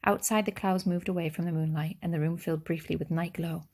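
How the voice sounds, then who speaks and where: A woman's voice: on the low side, steady tone, quick pace, dark tone. A woman reading a children's novel aloud, with small slips and restarts. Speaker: reader.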